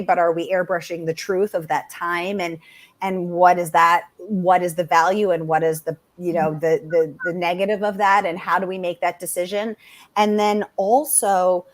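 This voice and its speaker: A woman author answering interview questions, animated and chatty, with many fillers. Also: fairly low pitch, normal speed. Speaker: author, guest.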